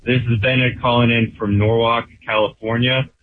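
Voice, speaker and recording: A man calling into a radio show and telling a story in a halting, amused way. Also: mid-range voice, little pitch movement. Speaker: caller. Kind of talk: phoned-in storytelling. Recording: phone line.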